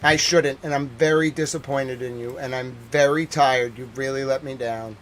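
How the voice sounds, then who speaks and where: A man hosts a livestream and rants about the news in exasperation, then settles into a measured, formal report. His voice has a middle pitch. Faint noise hums behind him. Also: fairly even intonation. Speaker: independent war reporter.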